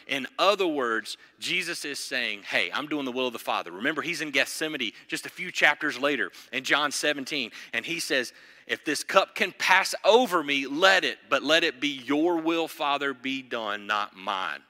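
A man's voice: medium pitch, animated, moderate pace, sharp tone, long reverb tail. A man preaching a sermon as pastor, building to emphatic, rising bursts.

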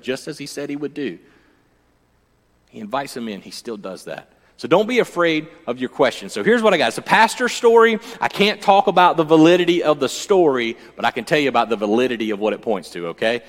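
A man preaching a sermon in a church, conversational and joking, swinging from loud emphasis to hushed storytelling. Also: mid-range voice, animated, brisk, long reverb tail. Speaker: pastor.

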